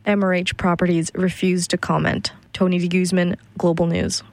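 A woman filing a scripted news report with an even, measured delivery. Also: fairly low pitch, slight background noise.

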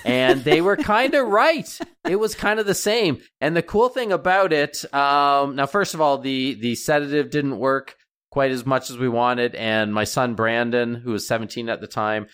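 A middle-aged man, a veterinarian guest, telling stories in a casual radio interview with lively jumps in pitch. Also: normal speed, smooth. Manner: animated storyteller, pitch jumps up when excited.

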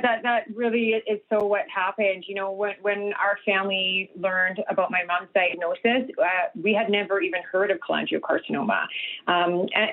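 Woman, phone-line sound, earnest radio guest, halting with fillers. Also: medium pitch. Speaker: guest nutritionist and health coach.

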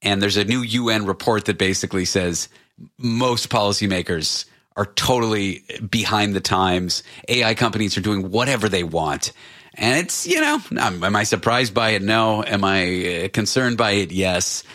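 A man hosting a talk show, chatting casually in an animated, digressive and jokey way. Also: fairly low pitch, moderate pace. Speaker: radio show host.

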